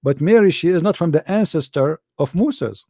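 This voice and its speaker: Scornful man with higher voice, dry sound. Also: animated, normal speed, gravelly, dark tone, dry recording. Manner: scornful, emphatic, repeats phrases, laughs often; non-native English phrasing. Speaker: online religious debater. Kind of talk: mocking commentary monologue.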